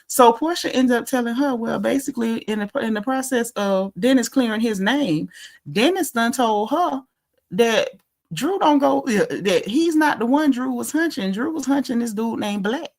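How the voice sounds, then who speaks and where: Animated woman recapping reality TV gossip. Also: a little high, moderate pace. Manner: animated storytelling, acting out quotes, Southern slang. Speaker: podcast host recapping a reality show. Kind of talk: casual gossip chat.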